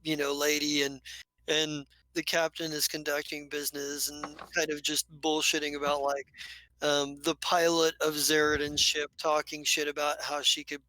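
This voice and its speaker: Bright, rambling game master. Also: mid-range voice, completely flat delivery, moderate pace. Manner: rambling, loose, lots of fillers. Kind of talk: narrating a tabletop game.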